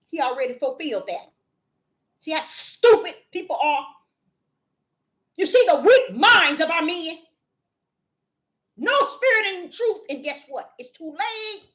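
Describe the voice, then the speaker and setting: Fiery high-voiced woman preaching, scolding. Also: very animated, measured pace, pauses often. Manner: scolding, swings from low mutters to shouted outbursts. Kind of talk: fiery street sermon.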